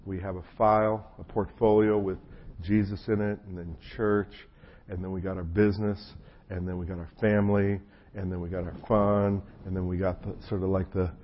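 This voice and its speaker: A man with a low voice that barely moves in pitch preaches at a moderate pace. He's a New Jersey pastor giving a loose, conversational sermon packed with folksy, self-deprecating stories and asides, his throat a bit froggy, heard through muffled lo-fi audio with a faint hum.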